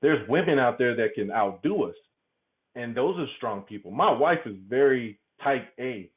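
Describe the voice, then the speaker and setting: A man's voice: mid-range voice, animated, normal speed. A man speaking candidly as a podcast guest, laughing often and stumbling over repeated words. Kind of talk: candid conversational interview. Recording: tinny phone-like remote line.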